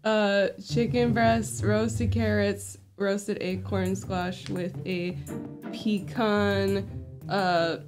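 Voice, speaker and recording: A woman's voice: medium pitch, level tone, very slow, music in the background. A woman chatting casually with her partner, easygoing and giggly. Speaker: vlogger's partner. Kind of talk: casual chat.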